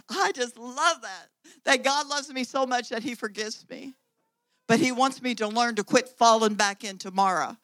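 A woman's voice: on the high side, pushed and bright, no echo, low-quality recording. A woman preacher giving a sermon, driving points home with repeated phrases and rising volume.

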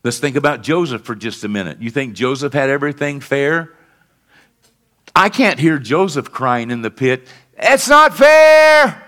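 Fervent preaching man with a bright voice. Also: normal speed. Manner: rises to fervent emphatic peaks, then drops low and quiet; calls out to the congregation for responses. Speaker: pastor. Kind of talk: sermon.

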